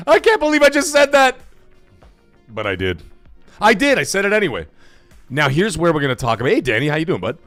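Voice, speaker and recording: Man hosting a live gaming show, excitable and animated, faint music underneath. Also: on the high side, brisk, long pauses, no room sound. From Canada. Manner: energetic, hyped, reads chat messages aloud. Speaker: livestream host. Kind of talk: casual livestream chat.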